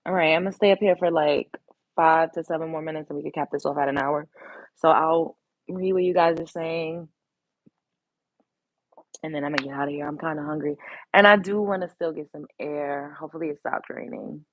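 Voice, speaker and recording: Low-voiced woman chatting on her livestream, blunt and swearing, dull dry phone sound. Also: fairly even intonation, fairly quick, no room sound. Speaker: livestream host. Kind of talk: casual live-stream chat reading comments.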